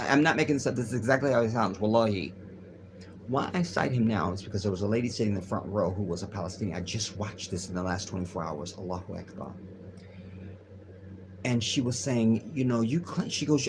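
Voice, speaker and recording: A man's voice: on the low side, a little fast, a little hiss or hum. A man hosting a casual livestream, reading news aloud and riffing on it in a rambling, profane way. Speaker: livestream host.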